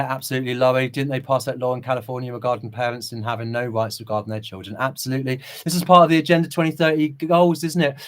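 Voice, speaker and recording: Male streamer, middle-aged, preachy and fervent, talks a bit high, casual chat style. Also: fairly bright tone. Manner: impassioned, preachy, chuckles between remarks. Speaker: livestream host. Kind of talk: casual livestream commentary reading chat.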